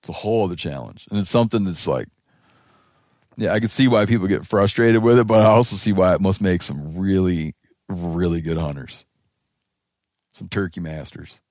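A man hosting a podcast, talking in a rambling, animated, casual way and swearing now and then. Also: sits low, moderate pace, no echo, clean studio sound. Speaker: podcast host. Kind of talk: casual chat.

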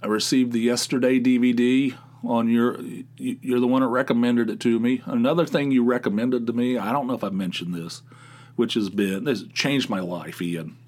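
A man's voice: medium pitch, fairly even intonation, moderate pace, a little mellow. A man hosting a podcast, chatting casually and rambling with many fillers and restarts. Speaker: podcast host. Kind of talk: casual solo podcast chat.

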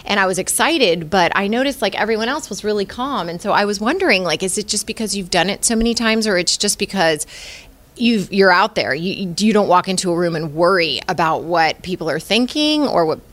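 A woman's voice: medium pitch, lively intonation, a little fast, fairly bright tone, no room sound. A woman hosting a podcast, narrating between segments and asking her guest curious questions. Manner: conversational, inquisitive. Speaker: podcast host.

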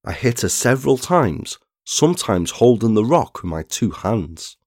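A man, narrating a true crime story in a measured scripted read. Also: lowish voice, very animated, a little mellow, breathy edge, no room sound, clean studio sound. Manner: measured, reads statements aloud plainly.

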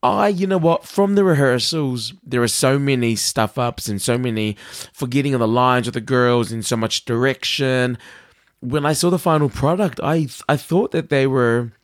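A man's voice: medium pitch, normal speed. New Zealand man, chatty podcast host. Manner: animated, laughs often, repeats words while thinking. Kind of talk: casual chat.

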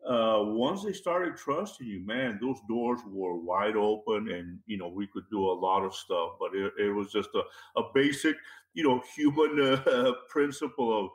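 A man's voice: lowish voice, unhurried. A man telling a story as an interview guest in a casual, rambling way with many fillers and restarts. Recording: roomy echo.

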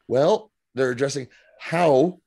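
A man in his thirties co-hosting a casual podcast, recapping a TV episode in an animated, profane way and slipping into quick mock voices. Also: mid-range voice, breathy edge, no room sound. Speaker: podcast co-host.

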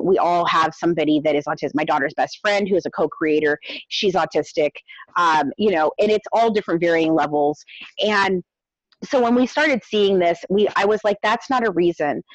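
A middle-aged woman telling her story in a casual interview, animated and climbing to high exasperated tones. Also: no echo, rough recording. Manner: animated, rising to high exasperated pitch when retelling exchanges. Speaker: documentary creator interviewed as guest.

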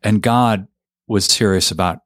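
Male host, affirming and reflective, low pitch, dry studio sound. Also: unhurried, a bit bright, dry recording. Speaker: podcast host. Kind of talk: interview reflection.

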